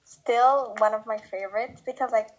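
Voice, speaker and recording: A woman's voice: on the high side, fairly even intonation, normal speed, low-quality recording. A teenage girl chatting eagerly on a video call, full of likes and you-knows. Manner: enthusiastic, filler-heavy. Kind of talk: casual video-call chat.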